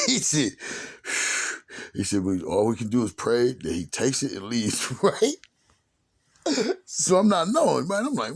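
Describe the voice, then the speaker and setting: Man, casual storytelling, slangy, profane, acts out other voices, raspy, very lively pitch. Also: moderate pace, long pauses.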